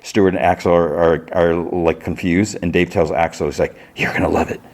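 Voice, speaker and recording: Man, very low voice, podcast host, casual rambling episode recap. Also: flat delivery, fairly quick, a little mellow. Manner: chatty, rambling retelling.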